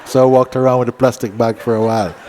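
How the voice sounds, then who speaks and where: A man giving a relaxed spiritual talk at a retreat, gentle and playful, often laughing as he tells a story. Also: medium pitch, fast talker, a little hiss or hum. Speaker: spiritual teacher. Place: retreat hall.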